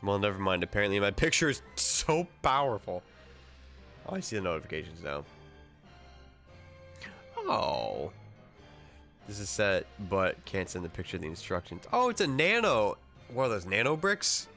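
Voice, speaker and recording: Lively low-voiced male streamer. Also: normal speed, pauses often, soft background music. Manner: excitable, profane, joking. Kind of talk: casual gameplay chat.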